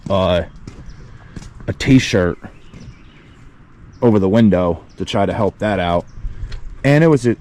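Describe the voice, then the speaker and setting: Out by his truck, a man who vlogs as a volunteer tells his camera a rambling, filler-heavy story in a relaxed way. His voice sits fairly low and has a slightly mellow quality.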